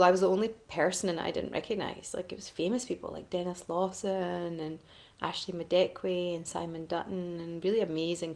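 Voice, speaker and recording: A woman with a fairly low, gravelly voice that slips into vocal fry, talking casually to camera. She rambles, laughs at herself and apologizes easily while working through fan requests as an actress. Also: darkish tone. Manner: chatty, rambling, self-deprecating.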